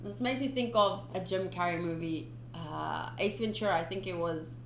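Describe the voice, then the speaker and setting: A woman's voice: lowish voice, normal speed, vocal fry, reverberant, a little hiss or hum. A woman giving playful, chatty commentary in a casual manga readthrough, adding her own sound effects. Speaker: manga reader, channel host.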